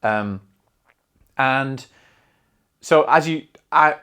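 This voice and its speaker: Northern English man, mid-pitched, hosts a casual film review; chatty, rambling, restarts a lot. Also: very slow, pushed and bright, clear, resonant tone. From north of England. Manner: chatty and digressive, with many restarts. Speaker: film reviewer and show host.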